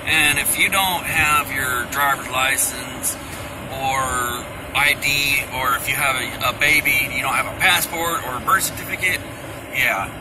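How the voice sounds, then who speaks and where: A man's voice: mid-range voice, unhurried. Folksy man with road noise. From Kentucky, USA. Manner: hesitant, full of restarts, folksy. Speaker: driver on a family trip. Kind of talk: casual explaining to camera. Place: car and outdoors. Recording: strong road and outdoor noise.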